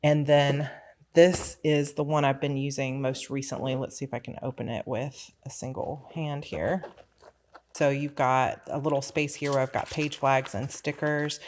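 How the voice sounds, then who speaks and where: A woman author chatting casually as she shows her planner supplies, relaxed and rambling with small asides. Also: extremely low pitch, normal speed. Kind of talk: casual chatty show-and-tell.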